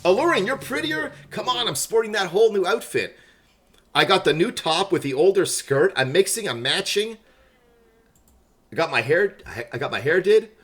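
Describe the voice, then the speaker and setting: Sitting high and sounding fairly bright and animated, this young Montreal streamer talks at normal speed while playing a game live. He jokes around casually with his chat, reading their messages and replying.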